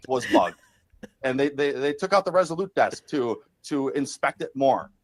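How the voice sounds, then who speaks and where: A man answering interview questions in a played clip, measured and earnest. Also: a little high, lively intonation, dry recording, low-quality recording.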